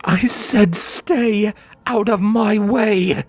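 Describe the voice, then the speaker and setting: A man voicing a furious, volatile female unicorn who snarls and shouts her lines. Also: high voice, extremely slow, pitched above the performer's own voice, full character voice. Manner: snarling, shouting, spitting words.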